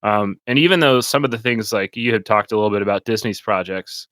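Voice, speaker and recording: A podcast host with a voice on the low side and a fairly bright tone speaks a little fast in casual chat, rambling with lots of fillers and laughing often. The recording is dry and studio quality.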